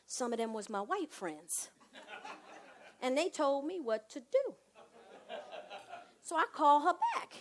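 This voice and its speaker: A woman performing a comic one-woman stage monologue, animated, swinging from hushed asides to loud bursts. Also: sits high, slow pace, pauses often.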